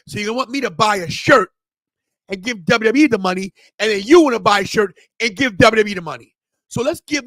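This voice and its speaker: A high-pitched man hosts a wrestling watch-party stream, booming mock outrage and swagger at his viewers. He talks close to the mic in a dry, deadened room. His delivery swings between showman bravado and scolding his chat. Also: a bit bright, dry recording. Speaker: podcast host. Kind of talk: livestream watch-party rant.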